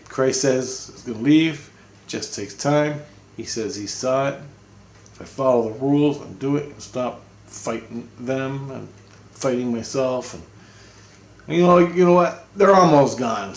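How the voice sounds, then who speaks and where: Male vlogger, mid pitch, blunt and rambling, casual update, echoey room. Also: a little slow. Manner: rambling, blunt, swears freely. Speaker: spiritual vlogger. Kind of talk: casual spoken video update.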